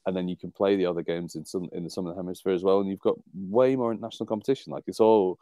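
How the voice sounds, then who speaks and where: A man's voice: deep voice, steady tone, rapid-fire, mellow, no echo. A man from England co-hosting a rugby podcast in casual chat, rambling and wry, often laughing at his own jokes. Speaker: podcast co-host.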